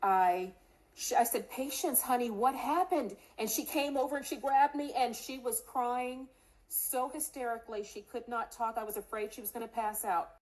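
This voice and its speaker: A woman's voice: on the high side, moderate pace, darkish tone, low-quality recording. A middle-aged woman, a candidate in an interview, telling a personal story with earnest feeling and acting out the voices of people she quotes. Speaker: congressional candidate.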